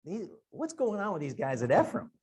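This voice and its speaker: A man's voice: sits high, huge pitch swings, fairly quick, darkish tone, slightly rough. A middle-aged man from Wisconsin teaching a Sunday Bible class, talking in a folksy, conversational way and thinking aloud. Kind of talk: Sunday school Bible lesson.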